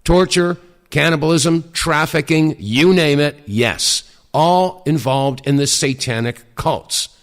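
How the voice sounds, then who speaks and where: A middle-aged man hosting talk radio, speaking emphatically and deliberately with frequent fillers. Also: a little high.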